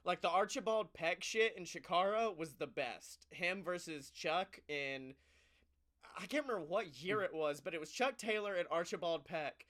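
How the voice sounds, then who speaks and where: A man co-hosting a casual wrestling podcast, telling stories in an animated, profane way and laughing often. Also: high voice, normal speed. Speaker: podcast co-host.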